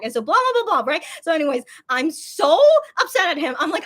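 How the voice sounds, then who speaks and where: Animated young woman chatting on a livestream. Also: high voice, fairly quick. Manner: animated, repeats words, many fillers. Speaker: livestream host. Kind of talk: casual live-stream chat.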